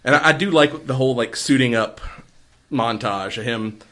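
A man's voice: medium pitch, fairly bright tone. Rambling man recapping a movie. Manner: rambling, retells scenes with quick put-on voices. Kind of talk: casual movie discussion.

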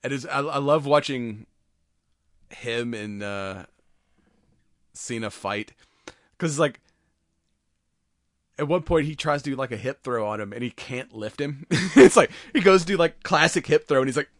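A male podcast co-host recaps an action movie in loose, casual chat. He gets animated and breaks into laughter often as he tells it. His voice sits at an ordinary pitch and is recorded dry and close, with no room sound. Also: measured pace, long pauses, no room sound.

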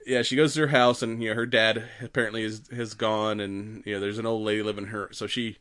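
A man's voice: on the low side, flat delivery, fast, a bit bright. A man in casual chat about a horror movie, rambling and laughing often as he acts out scenes.

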